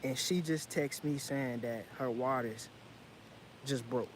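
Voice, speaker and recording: A man's voice: mid-range voice, slow, a little hiss or hum, low-quality recording. Intense man telling a story to viewers. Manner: intense, repetitive, profane, addresses viewers as family. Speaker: vlogger. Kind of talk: casual storytelling monologue.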